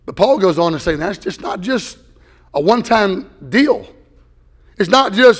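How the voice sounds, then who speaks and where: A man's voice: sits high, animated, a little slow, long pauses. A man in his fifties preaching at an evening church service, telling a story in a folksy, conversational way with repeated words. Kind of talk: storytelling sermon.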